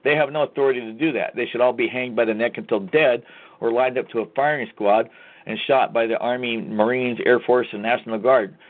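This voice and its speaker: Man, furious profane rant, talk host, mid-pitched voice, tinny phone-like sound. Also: fairly even intonation, fairly quick. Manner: angry, profane, emphatic. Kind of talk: ranting call-to-action monologue.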